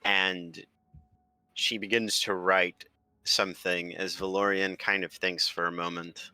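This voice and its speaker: A man's voice: low-pitched, little pitch movement, a little slow, pushed and bright, clear, resonant tone, no echo. A man narrating as dungeon master in a casual, blunt way, sometimes swearing. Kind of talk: narrating a tabletop game.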